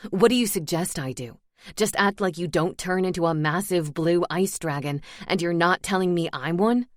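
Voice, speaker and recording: A woman's voice: fairly low pitch, normal speed, dry recording, clean studio sound, natural voice. A woman voicing a sarcastic, agitated young man who turns into a dragon, in a fantasy audiobook.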